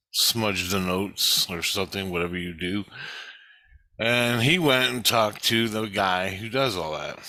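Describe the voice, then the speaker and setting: A man's voice: deep voice, pushed and bright, no echo. A middle-aged man rambling through a blunt, profane personal monologue about his spiritual life. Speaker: spiritual vlogger.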